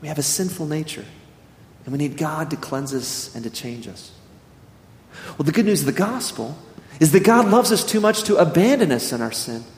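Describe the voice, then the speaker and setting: A man's voice: on the high side, normal speed. A man preaching a sermon as a pastor, telling a personal story and acting out his own thoughts before turning to scripture. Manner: storytelling, animated quoting of himself. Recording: echoey hall.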